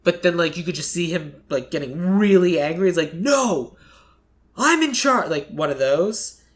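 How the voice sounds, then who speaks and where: Podcast host just chatting, loose and rambly, middle pitch, keeps saying like. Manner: chatty, fills speech with "like", acts out quick quotes. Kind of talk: casual chat.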